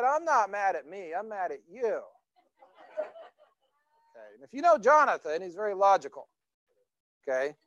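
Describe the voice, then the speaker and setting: Middle-aged male pastor, fairly high voice, dry close sound, easygoing rambling sermon delivery. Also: no room sound. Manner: conversational storytelling with many fillers and restarts.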